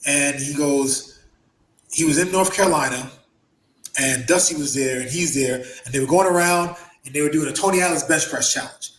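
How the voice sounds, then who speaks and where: Lively guy telling a story on a podcast, a bit high voice, echoey room. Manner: animated, quick bursts, acts out quotes. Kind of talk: casual storytelling.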